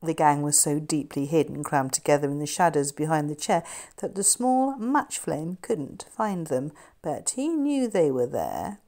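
A middle-aged woman, an author, narrating her novel in a measured, steady storytelling manner. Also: low-pitched. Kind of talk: scripted narration.

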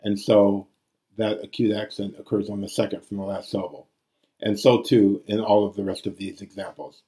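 A man's voice: fairly low pitch, flat delivery, normal speed, mellow. A man teaching Greek grammar in a recorded lecture, reciting forms aloud.

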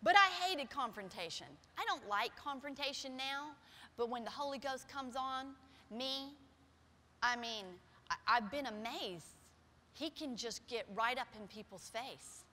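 A middle-aged woman pastor preaching a sermon with personal stories in a church, shifting from soft, quiet passages to loud, emphatic ones. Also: sits high, animated, a little slow. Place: church sanctuary. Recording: long hall reverb.

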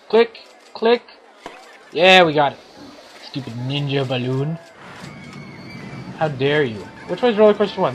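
Playful man narrating a game. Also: fairly high pitch. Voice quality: scratchy throat. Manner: playful, silly self-narration. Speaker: let's play host. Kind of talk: game commentary.

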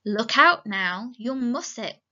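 A woman voicing an angry, alarmed young woman who speaks in a sharp, scolding way. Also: mid-range voice, level tone, normal speed, lightly acted. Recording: dull lo-fi recording.

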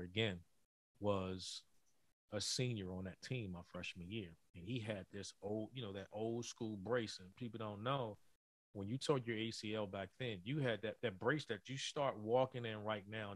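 Earnest low-voiced man telling a story. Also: steady tone, dry recording. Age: middle-aged. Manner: earnest, halting, repeats words when moved. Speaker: former college basketball player, guest. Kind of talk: storytelling in a podcast interview.

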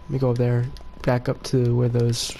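A man giving casual gameplay commentary with excitable, cursing outbursts. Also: mid-range voice, normal speed, gravelly, a little hiss or hum. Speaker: gaming video creator.

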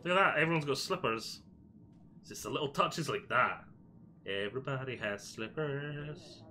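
A man's voice: on the high side, expressive, brisk, pushed and bright, slight background noise. A Scottish man giving a chatty, jokey walkthrough of a video game, thinking aloud as he goes. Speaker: gaming video creator. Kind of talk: casual game walkthrough commentary.

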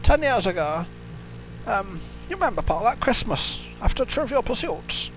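Brief: a man doing a crabby old dad, very high and gravelly, deadpan, for improvised game commentary. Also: moderate pace, music in the background. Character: cranky crude elderly father, gravelly and high. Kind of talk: improvised comedy gaming commentary.

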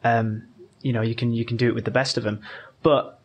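A man's voice: mid-range voice, level tone, fairly quick. Patient man explaining step by step. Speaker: podcast guest. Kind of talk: casual podcast conversation.

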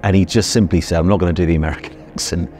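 British man, very low voice, middle-aged, earnest storyteller, faint music underneath. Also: steady tone, racing, a little mellow. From Britain. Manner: earnest and vivid, acts out his own past thoughts. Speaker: guest telling his story. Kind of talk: personal storytelling interview.

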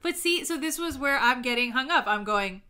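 A woman's voice: sits high, expressive, normal speed, sharp tone, clear, resonant tone. A woman co-hosting a podcast in casual chat, laughing often and filling her talk with "like.". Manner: chatty, giggly, lots of "like". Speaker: podcast co-host.

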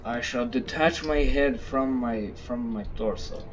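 A man's voice: mid-range voice, unhurried, muffled recording, background noise, close to an everyday voice. A man reading as a mild skeleton adventurer. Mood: plain. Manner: plain, reading dialogue aloud. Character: easygoing male skeleton adventurer. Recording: game music behind.

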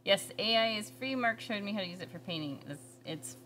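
A woman's voice: mid-range voice, expressive, a little fast, pushed and bright, a little hiss or hum. A woman co-hosting an art tutorial, reading viewer comments and chatting with a teasing, giggly manner. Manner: giggly, teasing, laughs often. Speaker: co-host reading viewer chat. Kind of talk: casual chat on an art stream.

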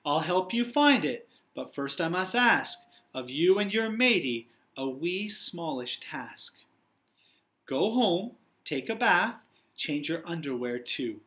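A stern, prim woman librarian as a man puts her on from a children's storybook. She talks firmly and matter-of-factly, in a slightly high, lively and bright voice. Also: slow pace, heavily acted. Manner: firm, prim, matter-of-fact.

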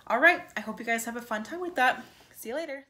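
A woman's voice: fairly high pitch, lively intonation, fast, pushed and bright. A woman music teacher giving an upbeat virtual lesson to young children, chanting rhythms for them to repeat.

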